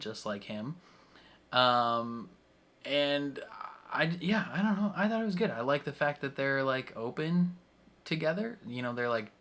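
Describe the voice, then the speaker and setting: A man's voice: mid-range voice, a bit bright. A man giving a casual, rambling spoken review of a film as a reaction channel host, chuckling often and restarting his sentences. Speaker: movie reaction YouTuber.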